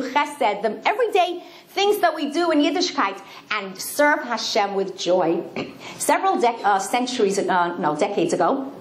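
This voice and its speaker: A middle-aged woman giving an inspirational talk to a women's group, telling stories with lively acted-out quotes. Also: sits high. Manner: animated storytelling with sung and acted-out quotes. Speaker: speaker. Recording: echoey room with faint background noise.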